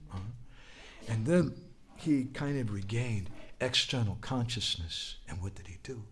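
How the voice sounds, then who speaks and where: Male spiritual teacher, animated sermon voice, shifts between hush and chant. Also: medium pitch, unhurried, a little hiss or hum. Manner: animated storytelling, drops to whispers, bursts into chanting. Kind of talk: devotional talk with storytelling.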